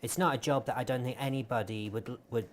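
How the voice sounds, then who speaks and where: A Scottish man chats as a guest on a casual craft live stream. He talks haltingly, often stopping on an um and restarting his sentences. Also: medium pitch, steady tone, a little hiss or hum. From Scotland. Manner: halting, lots of ums and restarts.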